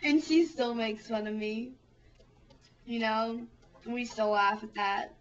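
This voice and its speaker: A woman's voice: on the high side, little pitch movement, slow pace. Rambling, giggly young woman on a far-off mic. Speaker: vlogger. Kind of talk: casual storytelling. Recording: distant, dull lo-fi home recording.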